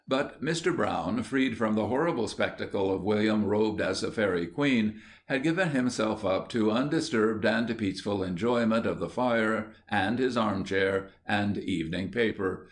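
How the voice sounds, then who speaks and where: Low-voiced male audiobook narrator. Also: moderate pace. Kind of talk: scripted narration.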